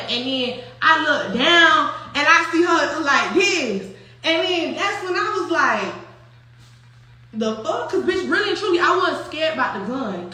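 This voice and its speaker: Animated high-voiced woman telling a story. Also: very echoey. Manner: animated, profane, laughs often, acts out quotes. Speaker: storyteller recounting a personal story. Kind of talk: casual storytime chat.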